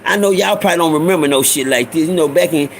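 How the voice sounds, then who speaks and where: A middle-aged man spins street stories straight to his listeners in a high, gravelly voice. He talks loose and profane, and a faint ambient hiss sits under his voice. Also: fast, low-quality recording. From Houston, Texas. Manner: animated, profane street slang, addresses listeners as y'all. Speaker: storyteller host. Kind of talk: casual storytelling monologue.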